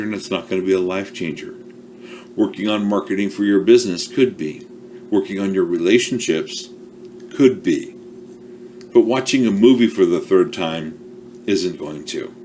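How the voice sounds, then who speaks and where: A man's voice: deep voice, darkish tone, slight background noise. A man coaching small businesses on marketing in a chatty, self-deprecating, casual talk to camera. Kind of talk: casual talking-to-camera advice.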